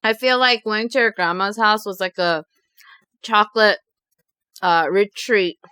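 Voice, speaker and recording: A woman vlogger chatting casually as she reads out viewer confessions, telling them in an animated, giggly way. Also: medium pitch, a little slow, clean tone, no room sound. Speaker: mukbang vlogger.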